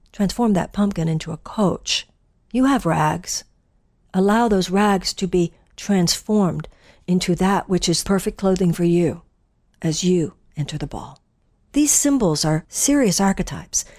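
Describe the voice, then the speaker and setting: A woman's voice: medium pitch, a little mellow. Woman giving an earnest inspirational radio talk. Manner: earnest, emphatic storytelling with repetition. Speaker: spiritual speaker giving a daily inspirational message.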